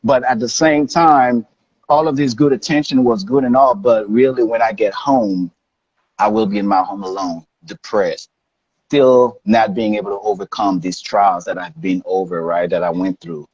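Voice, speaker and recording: Man, lowish husky voice, loose restarting storyteller, dull recording. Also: steady tone, normal speed, darkish tone, dry recording. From Haiti. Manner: rambling, with frequent restarts and "right?" tags. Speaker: interview guest, life coach. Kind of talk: personal storytelling in an interview.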